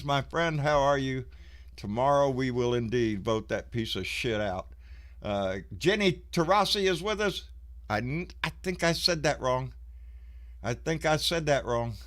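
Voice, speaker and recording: A man's voice: medium pitch, lively intonation, unhurried, a bit bright. A man, out of breath, hosting a casual live stream and greeting viewers in a folksy, swearing way. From Texas.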